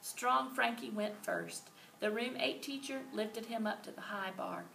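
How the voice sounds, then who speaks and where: A woman reading a children's book aloud with lively, expressive storytelling. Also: fairly high pitch, unhurried, gravelly, slight background noise. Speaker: reader. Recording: roomy and distant, faint ambience.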